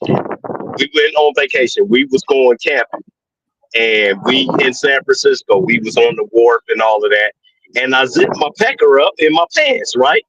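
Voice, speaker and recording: A caller to a show tells a crude story, swearing a lot and laughing at his own tale with animated energy. His medium-pitched voice is slightly rough and unhurried, and the call audio is dull, dry, and lo-fi with no room sound.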